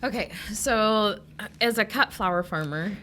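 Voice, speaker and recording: A woman's voice: mid-range voice, moderate pace, sharp tone, a little hiss or hum. A woman who hosts a podcast and farms cut flowers, chatting casually and telling stories with frequent laughter. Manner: chatty storyteller, laughs often.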